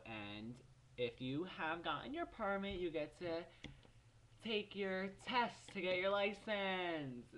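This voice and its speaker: A seventeen-year-old guy from New Jersey talking straight to his vlog audience in a mid-pitched voice. He rants in an animated, exasperated way and swears freely as he tells his story. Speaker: vlogger. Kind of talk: casual vlog rant.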